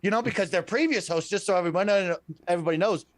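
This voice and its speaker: Animated man telling stories on a podcast. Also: sits high, very fast, no echo. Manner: animated storyteller, often ends with "right?". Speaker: podcast guest. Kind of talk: casual podcast storytelling.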